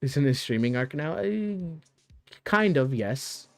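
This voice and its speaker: A man's voice: medium pitch, lively intonation, slow pace, vocal fry, dry recording, faint music behind. A young man streaming a game, chatting casually in a rambling, slangy way with many restarts. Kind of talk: casual gameplay commentary.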